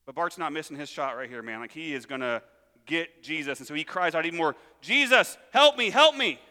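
A man preaching a sermon, reading scripture and retelling it with animated storytelling and acted-out voices. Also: on the high side, fast, smooth, long reverb tail. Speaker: pastor.

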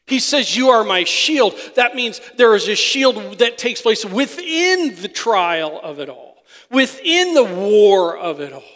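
A man with a high, light voice preaches a sermon, pressing points with loud emphatic bursts and then dropping to quiet asides. His voice rings out with a long reverb from a church hall. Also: big pitch swings, measured pace. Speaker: pastor.

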